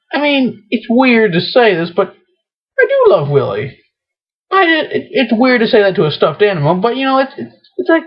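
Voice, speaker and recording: A young man rambling in a casual vlog, excitable and full of restarts, often acting out his own panicked rants. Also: very high voice. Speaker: vlogger. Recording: dull lo-fi webcam audio.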